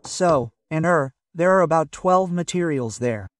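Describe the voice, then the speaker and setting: A man's voice: a little high, lively intonation, unhurried, no room sound, far from the mic. An older man from Russia, a magazine publisher, talking in a hesitant, rambling way full of fillers in a casual interview.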